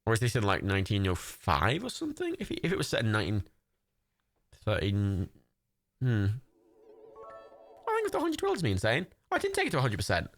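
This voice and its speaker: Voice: mid-range voice, wildly swooping pitch, fairly quick, long pauses, no echo, faint music behind. A young adult streamer hosting a watch party, chatting casually, reading out chat and gifts, swearing freely and laughing often.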